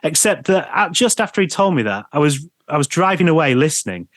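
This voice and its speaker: A man's voice: fairly high pitch, brisk, no room sound, clean studio sound. Laughing man telling radio anecdotes. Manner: animated anecdotes, laughs often, mimics people. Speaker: radio presenter guest. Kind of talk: storytelling interview chat.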